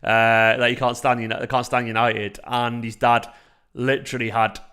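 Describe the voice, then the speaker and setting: A man in his thirties hosting a casual fan livestream, excitable and sweary as he reacts to the chat. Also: mid-range voice, normal speed, smooth. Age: 30s. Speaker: fan channel livestream host.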